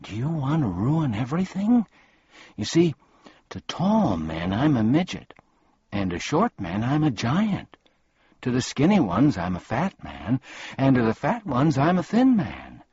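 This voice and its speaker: A man's voice: mid-range voice, huge pitch swings, a little slow, darkish tone, breathy edge, dry recording, dull audio, pitched above the performer's own voice, exaggerated voice. A man playing a pompous, scatterbrained ordinary man. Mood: cheery, rambling.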